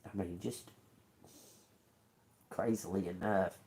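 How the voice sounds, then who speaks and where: A woman's voice: very deep voice, slow. A woman hosting a tarot livestream, talking bluntly and telling a story with lots of swearing. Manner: blunt, profane, animated storytelling. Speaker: tarot reader livestream host. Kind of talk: casual livestream talk. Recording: echoey room.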